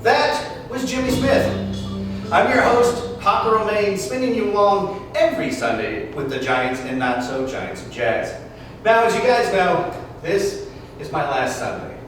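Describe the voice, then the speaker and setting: A man's voice: sits high, lively intonation, unhurried, a bit bright, far from the mic, faint music behind. A man playing a laid-back jazz radio host announcing songs. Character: smooth male late-night jazz radio host. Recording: echoey live stage from afar, noisy.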